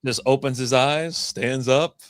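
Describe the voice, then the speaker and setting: A man co-hosting a movie review podcast, chiming in with quick jokes and reactions. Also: mid-range voice, no echo, clean studio sound. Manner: quick, joking, chimes in with reactions. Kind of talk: casual chat.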